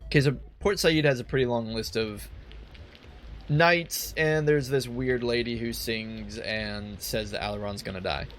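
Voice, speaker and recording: A man's voice: mid-range voice, unhurried, a bit bright, a little hiss or hum. A man hosting a let's play, chatting casually and reading game text aloud with asides.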